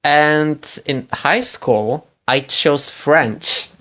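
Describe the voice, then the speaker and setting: Brief: young Polish woman, deep and unhurried, deadpan streamer chat. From Poland. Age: young adult. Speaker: streamer drawing with friends. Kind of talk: casual chat.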